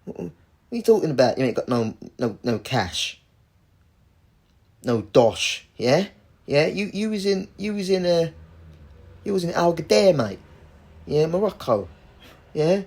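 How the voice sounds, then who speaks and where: A man's voice: on the high side, big pitch swings, unhurried, pauses often, darkish tone, heavily acted. A man voicing a mocking male tax officer with a Cockney accent, who taunts and uses slang. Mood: taunting.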